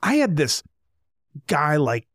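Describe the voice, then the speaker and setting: A male podcast host with a high, animated voice, telling candid anecdotes. The sound is close and dry. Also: slow pace, no echo. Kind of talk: podcast interview.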